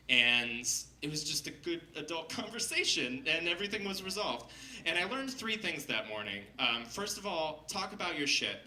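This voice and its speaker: A man telling a funny personal story on stage to a live audience, lively and laughing as he goes, acting out the people he quotes. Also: medium pitch, roomy sound, recorded from a distance, slight background noise, low-quality recording. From Seattle. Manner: animated, laughing, acts out quoted voices.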